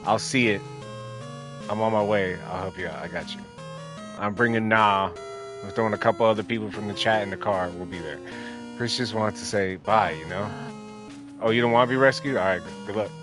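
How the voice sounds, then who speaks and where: A man's voice: lowish voice, brisk. A young man streaming a game, chatting casually with viewers and reading the characters' lines aloud in different voices. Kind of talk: casual let's play commentary with character voices. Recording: faint game music behind.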